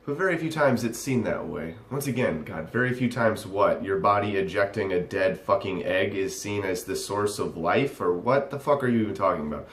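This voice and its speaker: A man's voice: on the low side, lively intonation, normal speed, hardly any pauses, a bit bright. A young man ranting sarcastically at a text he reads aloud, swearing often and rambling. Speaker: vlogger. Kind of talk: ranting commentary reacting to a text. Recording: echoey room.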